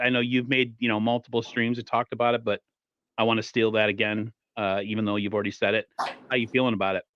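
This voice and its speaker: A man's voice: mid-range voice, smooth, dry recording, lo-fi sound. A man hosting a live sports talk stream, chatting loosely and with lots of fillers. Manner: loose, filler-heavy chat. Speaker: podcast host.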